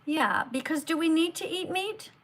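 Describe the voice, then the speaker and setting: A woman's voice: extremely high pitch, moderate pace, fairly bright tone. A woman hosting a livestream, talking earnestly to a guest and to viewers, emphatic and lecturing, recorded on a phone. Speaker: livestream host. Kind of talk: live-stream talk to viewers.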